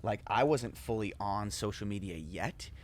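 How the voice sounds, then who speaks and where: Enthusiastic man hosting a podcast. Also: normal speed. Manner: enthusiastic, acts out quotes with jumps in pitch. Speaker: podcast host. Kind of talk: casual chat.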